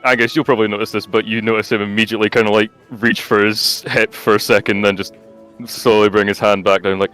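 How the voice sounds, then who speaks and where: A man's voice: fairly low pitch, flat delivery, quick pace, a bit bright, soft background music. A man playing a tabletop game who talks hesitantly, leaning on fillers. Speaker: player. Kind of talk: tabletop role-play chat.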